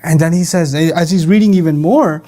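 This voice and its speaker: Male preacher with a raised pitch, lively storyteller who leans on rhetorical questions. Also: a little fast. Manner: animated, asks rhetorical questions. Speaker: Islamic speaker. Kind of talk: sermon storytelling.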